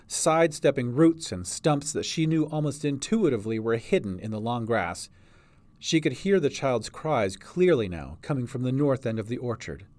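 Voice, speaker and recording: A man's voice: medium pitch, darkish tone, no room sound. A man reading a fantasy story aloud as narrator. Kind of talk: audiobook narration.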